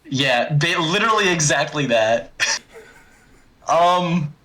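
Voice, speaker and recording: A man's voice: a little high, lively intonation, takes it slowly, pushed and bright, a little hiss or hum. A man playing a tabletop game, brash and swearing, speaking animatedly in character. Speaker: player.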